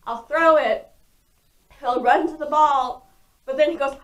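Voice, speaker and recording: A young adult woman vlogging in casual chat to camera, talking loudly and frankly with many fillers. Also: sits high, a little slow, long pauses. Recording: voice distant from the mic.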